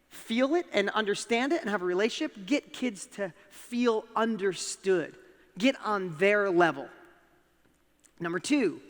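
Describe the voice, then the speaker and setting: A man's voice: sits high, a bit bright. A man giving a motivational talk to a live audience from a stage, telling stories with animation and putting questions straight to the crowd. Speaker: motivational speaker. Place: stage in a large hall. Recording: long hall reverb.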